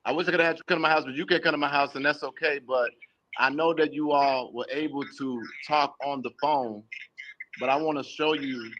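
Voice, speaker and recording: A man's voice: fairly high pitch, steady tone, a little fast, fairly bright tone. A man hosting an online interview show, speaking in an affectionate, effusive way. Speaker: host. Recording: lo-fi audio with faint hiss.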